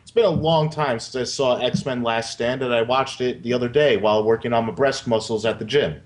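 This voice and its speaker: A man's voice: medium pitch, a little fast. A man co-hosting a casual comic news show, joking and swearing as he rambles. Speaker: podcast co-host.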